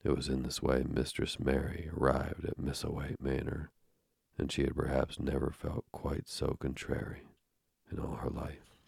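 A man narrating an audiobook in a measured, steady reading with a gravelly voice. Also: extremely low pitch, no echo, studio quality.

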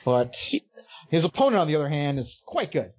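A man's voice: fairly high pitch, sing-song, brisk, a little mellow, muffled recording. A man co-hosting a casual podcast, speaking bluntly with joking asides. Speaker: podcast co-host. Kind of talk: casual chat.

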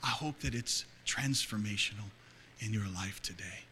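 A middle-aged male pastor preaching a sermon to a congregation, dropping to hushed confiding and rising to loud fervor. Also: lowish voice, normal speed, a little hiss or hum. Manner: swings between hushed, intimate confiding and loud, fervent preaching. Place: church hall before a congregation.

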